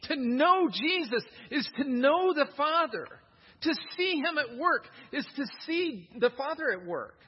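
A middle-aged man preaching a sermon to a congregation, emphatic and animated, often repeating words as he builds a point. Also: very high voice, unhurried. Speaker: pastor. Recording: dull, reverberant hall recording.

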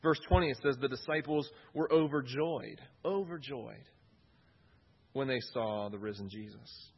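A man's voice: mid-range voice, a little slow, gravelly, slightly rough, highs cut off. A man preaching a sermon in an earnest way, often repeating key phrases for emphasis.

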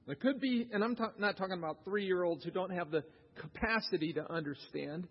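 Brisk and husky, this high-voiced pastor preaches a sermon in a church sanctuary. He keeps it conversational and quizzes the congregation, with a dull, reverberant sound to the recording.

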